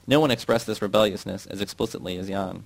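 A man reading a novel aloud in a steady, measured way. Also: lowish voice, creaky, no echo. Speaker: audiobook reader.

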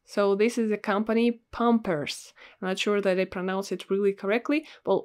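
A woman with a Russian accent teaching a language lesson, repeating words slowly and carefully for learners. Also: mid-range voice, fairly even intonation, darkish tone.

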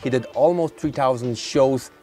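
A man from Mongolia, raised partly in Poland, hosting a talk show with deadpan teasing and halting fillers. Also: medium pitch, soft background music.

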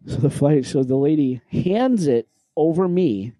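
A man co-hosting a podcast, telling a story in a casual, animated way, swearing and acting out what people said. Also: a little high, a little slow, dry recording. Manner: animated, swearing, acts out quoted lines. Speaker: podcast co-host. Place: podcast recording room.

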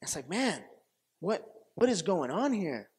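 A male pastor delivers a sermon in a fairly high voice, swinging between lively acted-out exchanges and quieter reflective stretches. He repeats and restarts phrases and asks the room whether it makes sense. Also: a little slow, breathy edge. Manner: animated storytelling, acts out quoted voices, laughs often; repetitive restarts, asks audience questions.

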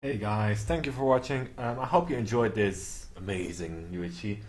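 A man giving casual, excitable commentary over his own gameplay, then a rambling sign-off full of fillers. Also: fairly low pitch, moderate pace. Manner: excitable, chants siren-like noises. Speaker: gaming channel host.

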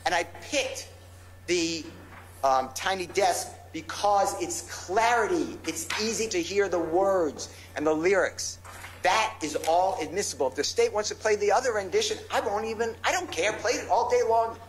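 Impassioned lawyer pleading in a roomy courtroom. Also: male voice, high voice, normal speed. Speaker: defense lawyer. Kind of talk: courtroom argument. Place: large courtroom.

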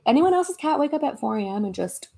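Young woman, fairly high voice, casual livestream chat, giggly, reads comments aloud. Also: very animated, quick pace, creaky, warm tone. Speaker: livestream host. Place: her home in Los Angeles.

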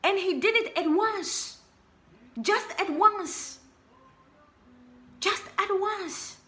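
Young woman preacher, very high and sharp voice, emphatic and repetitive delivery. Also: drawn-out words. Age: young adult. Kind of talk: sermon.

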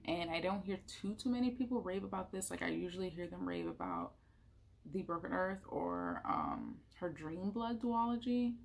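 A woman's voice: fairly low pitch, very animated, normal speed, gravelly. A woman giving a casual, chatty book wrap-up at home, full of fillers. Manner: chatty, emotional, lots of fillers. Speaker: book reviewer. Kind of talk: casual monthly reading wrap-up.

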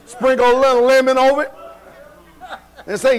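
High-voiced preaching man, folksy. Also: big pitch swings, moderate pace, gravelly, pauses often. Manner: call-and-response preaching, asks the congregation questions; folksy, colloquial. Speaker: pastor. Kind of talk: sermon. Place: church sanctuary.

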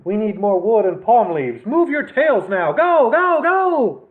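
A man's voice: sits high, big pitch swings, takes it slowly, pitched above the performer's own voice, heavily acted. Field: story time. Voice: a man doing a bossy calico cat barking orders. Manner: urgent, commanding. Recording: lo-fi phone-like sound.

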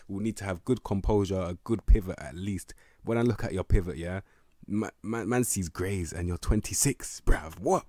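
A young man giving casual, excitable game commentary, rambling in slang, swearing and stumbling over restarts. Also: sits low, fairly quick, dry recording, studio quality. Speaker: gaming video creator.

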